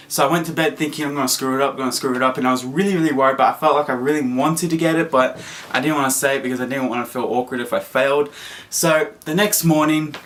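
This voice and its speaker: A young man telling a story to camera in a casual, excitable vlog, full of fillers and acted-out quotes. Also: medium pitch. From Australia. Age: young adult. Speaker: vlogger.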